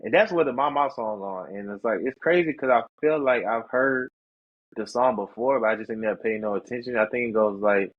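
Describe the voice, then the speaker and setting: A man co-hosting a podcast, chatting casually about music and now and then jumping into a high voice to imitate rappers. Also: a little fast, no room sound, narrow, tinny audio. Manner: animated, mimics rappers in a high voice. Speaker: podcast co-host. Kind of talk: casual chat.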